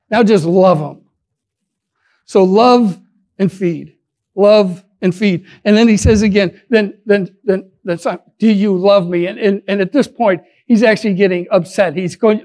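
Earnest high-voiced male pastor preaching. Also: darkish tone. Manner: earnest, repeats words and restarts, stretches key phrases slowly. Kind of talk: sermon.

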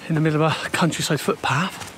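A walking vlogger with a fairly high, steady voice talks quickly as he hikes a steep coastal footpath in the wind. He chats casually to camera, a little out of breath going uphill, with noise in the background.

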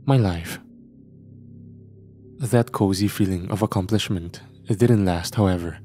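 A man narrating a horror story in a measured, steady way. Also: low voice, a little hiss or hum.

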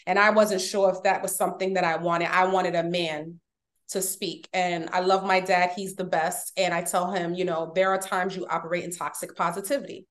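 A woman's voice: fairly low pitch, little pitch movement, normal speed, a bit bright. A woman guest speaking candidly and emphatically about family and marriage, at times emotional. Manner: heartfelt, emphatic, gets emotional. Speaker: podcast guest. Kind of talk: candid personal storytelling.

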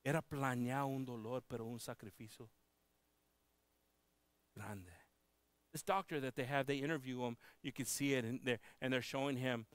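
A man preaching a sermon, moving between loud proclaiming and hushed pleading, with halting restarts. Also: medium pitch, steady tone, no echo. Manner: halting, with many restarts and fillers. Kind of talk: bilingual sermon. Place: church.

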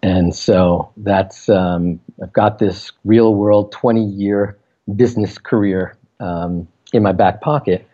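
Man, meditation teacher guest, deep mellow voice, dull lo-fi sound. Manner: relaxed, halting with fillers. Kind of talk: casual interview.

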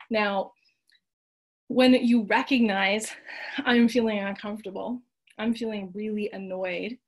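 A middle-aged woman presenting a parenting workshop, talking gently and conversationally and often checking in with "right?". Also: medium pitch. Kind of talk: instructional talk.

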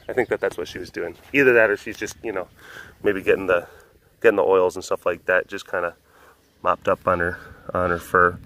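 A man's voice: low-pitched, brisk, fairly bright tone, low-quality recording. Rambling young man outdoors. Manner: rambling, chatty, talks to animals in baby voice. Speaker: vlog host, big cat keeper. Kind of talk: casual chat. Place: outdoors at a rural animal facility.

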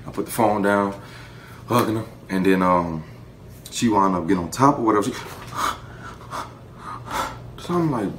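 A young man telling a casual story to the camera, animated and profane, breaking into laughter. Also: sits low, fairly quick, slight background noise. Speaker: vlogger. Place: indoor room, seated before camera.

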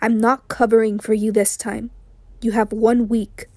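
A stern middle-aged doctor confronts his patient in cold, clipped, hoarse anger, voiced by a woman reader. Her tone is dark and a little high, recorded dry and close. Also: normal speed, no echo, lightly acted. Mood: grim.

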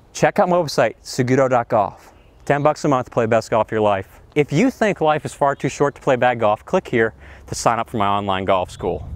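A man giving an energetic golf lesson on a practice range, talking with excitable enthusiasm and breaking into exclamations. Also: on the high side. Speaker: golf instructor.

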